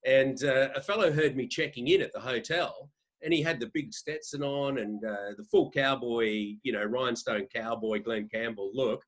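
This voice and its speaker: Australian man, fifties, guest on a podcast, loose rambling storyteller, average pitch. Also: normal speed. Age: 50s. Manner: rambling anecdotal, frequent restarts. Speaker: podcast guest, sports editor. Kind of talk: casual interview storytelling.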